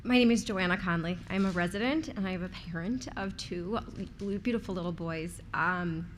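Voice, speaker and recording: A woman's voice: medium pitch, a little fast, noisy background. A woman in her thirties, a resident speaking at a school committee meeting, nervous and tearful as she pleads in an emotional, heartfelt way. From outside Rhode Island. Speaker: resident giving public comment.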